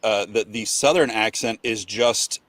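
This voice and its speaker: A man's voice: on the low side, a little slow, a bit bright, dry recording. A man co-hosting a casual podcast chat, rambling and trailing off mid-sentence. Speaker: podcast co-host.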